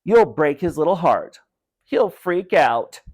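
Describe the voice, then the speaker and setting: A man's voice: on the high side, big pitch swings, takes it slowly, darkish tone, pitched above the performer's own voice, heavily acted. A man doing a sneering, bossy bratty boy.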